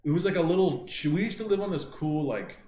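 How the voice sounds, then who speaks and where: A man's voice: a little high, fairly quick, dark tone, slight background noise. Swearing, rambling man in a roomy room. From Southern California. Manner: profane, rambling, laughs through his stories. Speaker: podcast co-host. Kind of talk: casual storytelling chat.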